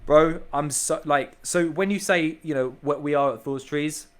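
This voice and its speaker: A man appears as a guest on a casual podcast, talking about his business with eager, emphatic enthusiasm. His voice sits a little high, and he repeats his points and calls the host bro. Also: normal speed. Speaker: podcast guest, tree surgery business owner.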